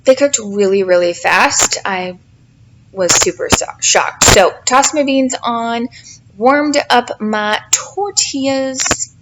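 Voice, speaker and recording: A woman's voice: fairly high pitch, slow pace, background noise. A woman in her thirties, a mother doing a casual, rambling cooking voice-over, self-deprecating and sleepy. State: tired, yawning. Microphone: home voice-over mic.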